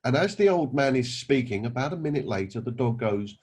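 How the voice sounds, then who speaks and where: Brief: male motivator, earnest, husky voice, mid pitch. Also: lively intonation, fairly quick, darkish tone. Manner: earnest, rhetorical questions and anecdotes. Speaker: network marketing recruiter. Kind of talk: motivational talk with storytelling.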